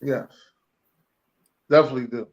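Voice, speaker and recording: A man's voice: medium pitch, fairly even intonation, moderate pace. A man co-hosting a podcast in casual chat, laid-back and easygoing, often repeating his phrases. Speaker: podcast co-host.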